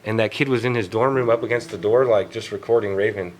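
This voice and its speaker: A man's voice: fairly low pitch, fast talker, slight background noise, poor audio. A young man telling a story in casual chat, profane and rambling, full of fillers. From Texas. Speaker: guest tattoo artist.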